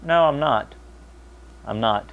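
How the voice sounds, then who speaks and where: A young American man talking casually to camera, animated, mocking other people's voices when quoting them. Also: mid-range voice, takes it slowly, phone-quality sound. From United States. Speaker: vlogger.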